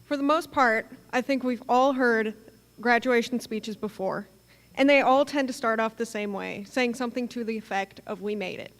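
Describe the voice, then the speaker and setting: A woman's voice: fairly high pitch, moderate pace. Young valedictorian woman, echoing gym. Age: young adult. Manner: friendly, lightly joking. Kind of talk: graduation speech. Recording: long echo of a large gym.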